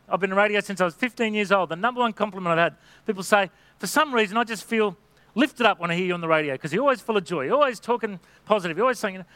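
Earnest high-voiced pastor, bright and dry. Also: male voice, no echo. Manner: earnest, exhortative, acts out quoted voices. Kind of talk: sermon.

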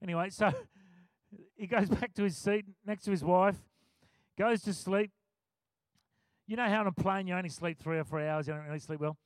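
A man preaching a sermon, telling a story with animated acted-out quotes. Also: high-pitched, moderate pace, pauses often, no room sound. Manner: animated, acts out quotes, chuckles often.

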